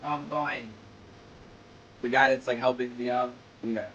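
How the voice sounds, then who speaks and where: A man's voice: mid-range voice, flat delivery, a bit bright, highs cut off, a little hiss or hum. A man chatting casually during a game stream, joking and bantering with friends. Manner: joking, bantering, quick to laugh. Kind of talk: casual chat while gaming.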